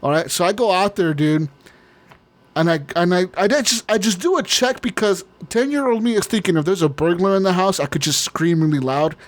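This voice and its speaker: A man's voice: high voice, fairly quick. A man co-hosting a podcast, telling a long story in casual chat, rambling, swearing often and laughing. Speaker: podcast co-host.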